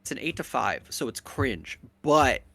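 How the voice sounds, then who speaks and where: A man with a bright, forward voice, chatting casually on a live stream and swearing freely. His voice is recorded dry and close, with no room around it. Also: medium pitch, big pitch swings, measured pace, creaky, dry recording. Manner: swears freely, laughs often. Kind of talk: casual chat.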